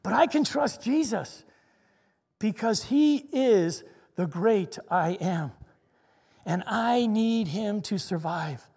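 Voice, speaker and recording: A man preaching a sermon in an earnest way, slowing down to stress each point. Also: sits high, expressive, darkish tone, husky, long reverb tail. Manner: earnest, slows down to stress scripture.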